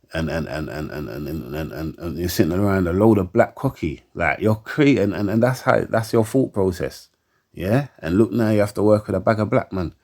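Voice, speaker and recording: Low-voiced man ranting heatedly. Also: a little mellow. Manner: heated and emphatic, keeps asking for agreement; stammers and repeats words. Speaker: commentator. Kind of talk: opinion rant to camera.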